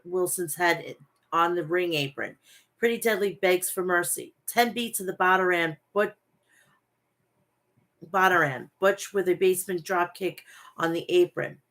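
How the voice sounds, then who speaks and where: A woman with a slightly low voice recaps wrestling matches in quick play-by-play. She moves briskly from move to move and often stops to correct herself mid-word. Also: fairly bright tone. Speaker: wrestling show host.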